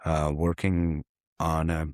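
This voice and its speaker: Low-voiced man musing on his craft. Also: completely flat delivery, slow pace, darkish tone, no room sound, clean studio sound. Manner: reflective, loose, swears casually, many fillers. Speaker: guest, artist and songwriter. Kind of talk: casual podcast conversation.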